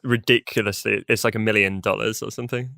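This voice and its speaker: A man's voice: on the low side, fast talker, vocal fry, no room sound, studio quality. A man co-hosting a podcast in a casual, jokey chat. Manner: lively, jokey, laughs easily. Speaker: podcast co-host.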